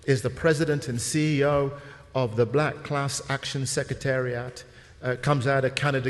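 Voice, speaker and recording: A man's voice: medium pitch, fairly even intonation, normal speed, some chatter behind. A man moderating a panel, talking to the audience in an affable, informal way. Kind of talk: speech to a conference audience. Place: large conference hall. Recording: reverberant hall with faint noise.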